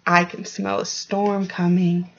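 A woman's voice: lowish voice, little pitch movement, slow, vocal fry, exaggerated voice. A woman voicing a matter-of-fact, know-it-all young male beaver in a storybook read-aloud, in a dull lo-fi recording.

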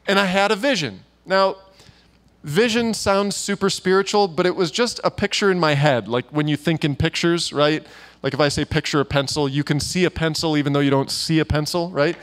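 Man, fairly high voice, preaching, casual storyteller, lots of "like" and asides. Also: a little fast, a bit bright. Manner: informal, chatty, many fillers and asides. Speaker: guest preacher. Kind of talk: conversational sermon with storytelling. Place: church gathering.

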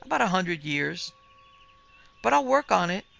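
A woman voicing a sweet, apologetic old witch woman in a dark storybook tale. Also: fairly low pitch, sing-song, a little slow, creaky, muffled recording, pitched above the performer's own voice, full character voice.

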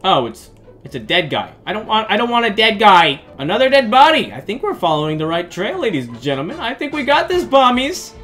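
Animated, bright-voiced male gaming host. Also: high voice, a little fast, faint music behind. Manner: excitable, jokey, bursts into shrieks and laughter. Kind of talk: let's play commentary.

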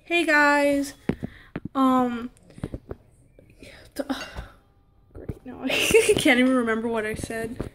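A woman's voice: high voice, steady tone, slow, long pauses, background noise. A young woman filming a crafting vlog, flustered and laughing at her own slip-ups. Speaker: crafting vlogger. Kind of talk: casual blooper vlog.

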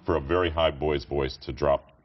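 A man's voice: extremely low pitch, steady tone, normal speed. A male singer answering an interview question in a matter-of-fact way, on a dull lo-fi recording.

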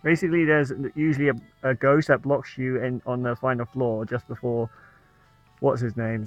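A man with a mid-range voice chats playfully over a video game he's playing, laughing at his own jokes in classic let's-play style. His delivery is flat and moderately paced, with faint music in the background and a dull lo-fi recording quality.

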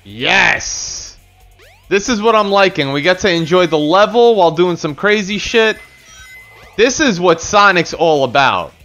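A man's voice: high-pitched, expressive, unhurried, bright, forceful tone, muffled recording, soft background music. A young man giving loose, profane, slangy commentary as the host of a gaming channel. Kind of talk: casual gameplay commentary.

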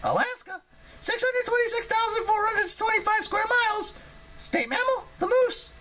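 A shrill twitchy harpy girl. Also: normal speed, sharp tone. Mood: excited blurting. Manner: blurts facts in bursts. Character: twitchy female harpy blurting trivia.

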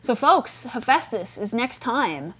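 Relaxed young woman guiding a game. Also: fairly high pitch, slow pace, slightly rough. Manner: relaxed, explaining, filler-heavy, casual swearing. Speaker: co-host guiding the player. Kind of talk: casual let's-play chat.

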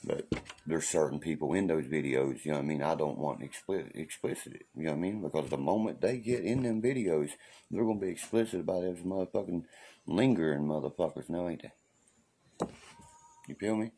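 A man with a very low, gravelly voice rants on a casual livestream. His tone is dark and husky. He swears freely, preaches defiantly and keeps checking in with his viewers. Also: brisk. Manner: profane, repeats "you know what I mean". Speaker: livestream host.

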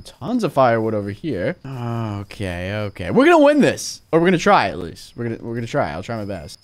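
A young man giving excitable game commentary, swinging from hushed muttering to frantic yelling. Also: mid-range voice. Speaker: gaming YouTuber.

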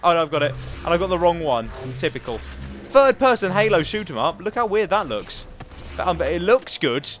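A young man giving playful, goofy gameplay commentary, swinging between loud outbursts and muttering asides. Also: fairly high pitch, very animated, moderate pace, soft background music. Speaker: gaming commentator.

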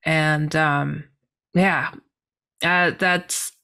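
A middle-aged woman appears as a podcast guest, vividly relating a personal anecdote, reenacting what she once said with big pitch swings and laughter. Her tone is clean, and she draws out her words.

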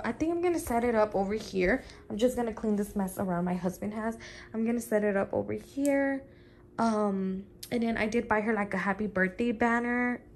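A young woman talking casually in a home vlog, chatty and emotional, often saying y'all. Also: medium pitch. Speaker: vlogger.

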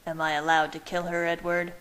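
A woman's voice: on the low side, flat delivery, fairly quick, fairly bright tone, smooth, lightly acted, poor audio. A woman reading aloud and voicing a menacing male vampire who snarls his lines.

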